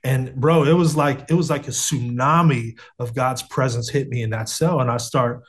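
A man's voice: mid-range voice, moderate pace. A man in his thirties from the United States, telling his life story as a guest on a video call, earnest and casual, with many restarts and slang like "man" and "bro". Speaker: guest sharing testimony. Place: home setup on a video call.

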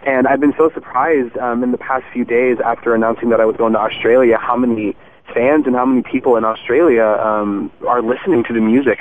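A young man speaking earnestly as a guest musician in a casual interview, with frequent "um" fillers. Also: mid-range voice. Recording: tinny phone line, faint hiss.

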